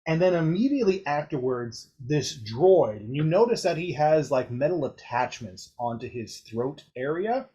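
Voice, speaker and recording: A man's voice: fairly high pitch, very animated, normal speed, hardly any pauses, warm tone, dull audio. A man narrating a tabletop game as game master, chatty and descriptive, with fillers and light laughter between lines.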